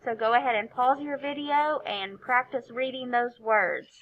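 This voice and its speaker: A woman's voice: on the high side, moderate pace. A woman teaching a recorded phonics lesson to young children, sounding out each letter and praising often. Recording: dull, lo-fi recording.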